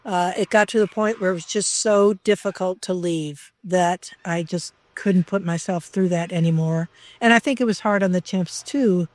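A woman's voice: on the low side, moderate pace, few pauses, darkish tone. An older woman speaks in a documentary interview about her years as a researcher. She talks in a reflective, emotional way and comes close to tears. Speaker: former chimpanzee researcher.

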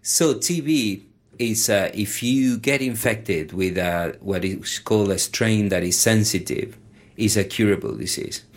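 Man, very low voice, lab researcher, casual explainer, frequent fillers. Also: a little slow. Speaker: research group leader at a lab. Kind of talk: explaining science in an interview.

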